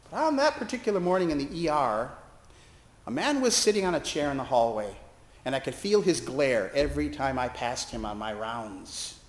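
A male chaplain with a fairly high voice tells a personal story as a monologue, the recording reverberant. His delivery is lively and wry, full of self-deprecating humor and laughs.

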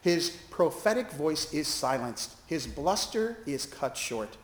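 In a church sanctuary with an echoey sound, a male pastor with a fairly high voice preaches slowly. He tells a story set in a hospital, expressively acting out the voices of the people in it.

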